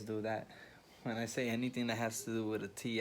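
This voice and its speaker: A young man telling a story to his vlog audience, talking low and hushed in a hospital room. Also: level tone, fast talker, slight background noise. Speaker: vlogger.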